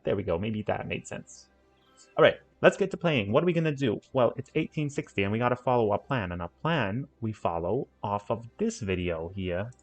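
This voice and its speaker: A man's voice: on the low side, animated, brisk, faint music behind. A man giving casual let's-play commentary on a city-building game, rambling and correcting himself with playful asides. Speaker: gaming channel host.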